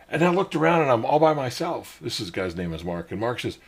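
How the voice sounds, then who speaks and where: A middle-aged man hosting his own show, telling a rambling personal story in a casual way and getting animated when he quotes other people. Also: medium pitch, quick pace, vocal fry, hardly any pauses, breathy edge. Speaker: podcast host.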